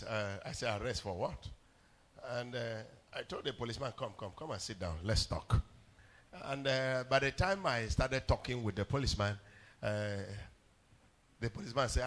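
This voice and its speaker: A male pastor preaching a sermon in church, telling stories, often stammering on words and building up to shouts. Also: mid-range voice. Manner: storytelling preacher, rising to shouts, stammered repeats. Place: church hall.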